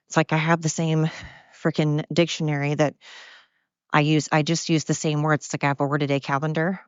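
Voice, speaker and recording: Low-voiced exhausted woman rambling outdoors. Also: dry recording, dull audio. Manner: chatty, blunt, self-deprecating, drifts off topic. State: exhausted and winded. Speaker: podcast host. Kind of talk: rambling casual monologue.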